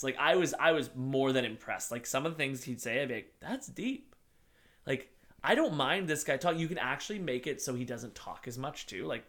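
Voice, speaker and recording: A man co-hosting a casual game review podcast, talking in a rambling, animated way with lots of filler words and casual swearing. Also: medium pitch. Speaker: podcast co-host.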